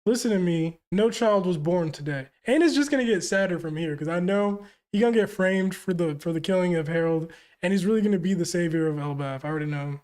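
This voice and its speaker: A man's voice: sits high, fast, hardly any pauses, darkish tone. Brief: man, live comic-reaction streamer, casual and slangy, exclamations between panel reads. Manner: slangy, exclamatory, often ends lines with yo or bro.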